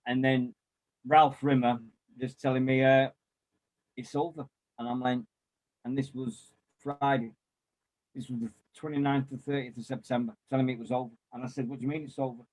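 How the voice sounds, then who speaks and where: Bloke spinning old club stories, acts out what people said, bit sweary. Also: male voice, mid-range voice, normal speed. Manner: animated storyteller, mild swearing, acts out quotes. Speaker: former club volunteer and kit man. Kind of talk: casual chat, telling anecdotes.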